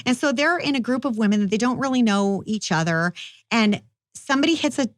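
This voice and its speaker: A woman's voice: fairly high pitch, a little fast, dry recording, clean studio sound. A woman firearms instructor, a podcast guest, chatting casually and telling stories with animation. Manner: animated storyteller, lively when excited. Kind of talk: casual interview chat.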